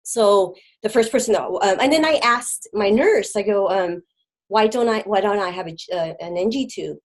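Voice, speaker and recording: A middle-aged woman telling her own story as an interview guest, halting, with many fillers and restarts, dropping very quiet at hard moments. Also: medium pitch, rough recording. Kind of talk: personal testimony in an interview.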